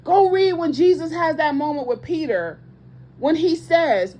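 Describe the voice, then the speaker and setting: A woman's voice: high voice, animated, a little slow, highs cut off. A woman preaching with passion to online viewers as a ministry host, emphatic and repeating her points, with speech patterns and casual asides.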